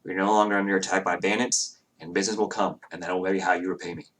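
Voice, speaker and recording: A man's voice: deep voice, fairly even intonation, fast talker, fairly bright tone. A man voicing a grateful townsman in a tabletop game, earnestly refusing payment. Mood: insistent.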